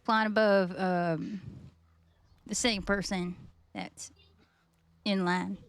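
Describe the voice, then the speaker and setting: A woman playing in a tabletop game, chatting casually and giggling often. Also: medium pitch. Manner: giggly, drawn-out and lively. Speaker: player.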